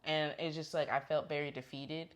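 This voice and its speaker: A woman's voice: low-pitched, normal speed. Candid woman sharing a faith story. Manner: candid, animated storytelling with laughs. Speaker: podcast co-host. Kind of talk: casual faith chat.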